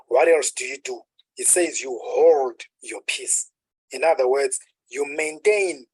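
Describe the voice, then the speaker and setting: A man preaching in a very husky, breathy voice, recorded dry and close. He teaches at an unhurried pace and poses rhetorical questions. He sinks to near-whispers when he speaks of stillness. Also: mid-range voice, dry recording, rough recording. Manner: unhurried teaching with rhetorical questions, dropping to a hush on calm words. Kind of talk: sermon.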